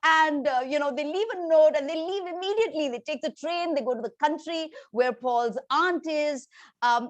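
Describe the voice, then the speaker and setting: A woman with a fairly high voice recounts a novel's story in a relaxed, chatty way. She often pauses on "um" and "you know" and restarts her sentences as she goes. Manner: conversational, with frequent fillers and restarts. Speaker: book reviewer. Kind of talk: casual book plot retelling.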